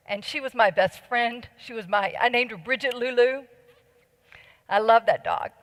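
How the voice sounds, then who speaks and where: Earnest middle-aged woman speaker, slightly high-pitched, with reverb from a large hall. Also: a bit bright. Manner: earnest, persuasive, asks the audience questions. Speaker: conference speaker. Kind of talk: conference talk.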